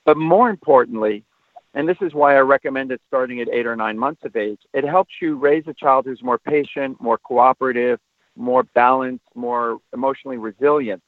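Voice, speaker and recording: A man answering interview questions as a parenting expert, explaining at length and turning animated when he shows how to talk to children. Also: mid-range voice, moderate pace, no room sound. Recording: tinny phone line, dry.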